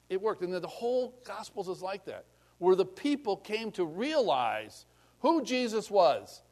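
A man preaching a sermon in a conversational way, acting out scripture scenes in different voices. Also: sits high. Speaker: pastor.

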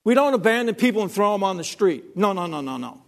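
A man's voice: high-pitched, very animated, fast. A man preaching a sermon, emphatic, repeating phrases and restarting sentences.

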